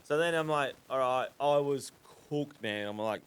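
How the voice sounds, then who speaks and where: A man's voice: mid-range voice, moderate pace, few pauses, smooth. A man with an Australian accent hosting a podcast, telling a rambling, swear-heavy story in casual chat. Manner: swears constantly, animated, drops into quoted voices. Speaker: podcast host.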